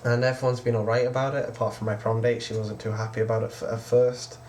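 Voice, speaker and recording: A man's voice: medium pitch, little pitch movement, quick pace, a little mellow, a little hiss or hum. A teenage man, casually telling a personal story in a rambling vlog from his bedroom. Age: teens. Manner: casual, rambling, quotes others with "I was just like". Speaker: vlogger.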